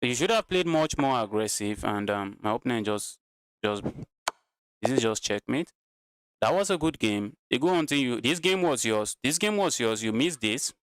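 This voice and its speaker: Tired guy commentating his chess stream, smooth voice, says stuff twice, dry close mic. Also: mid-range voice, lively intonation, normal speed, no room sound. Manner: repeats himself, talks to chat.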